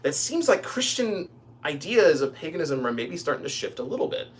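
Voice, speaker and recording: A man's voice: a little high, sing-song, brisk, slight background noise. A man from Kentucky hosting a casual livestream, rambling with many ums and restarts. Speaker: livestream host.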